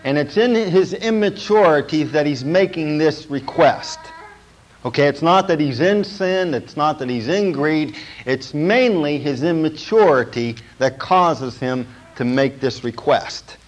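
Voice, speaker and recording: A man's voice: a little high, lively intonation, measured pace, low-quality recording. A man preaching a sermon as pastor, emphatic and repetitive, often checking in with the congregation.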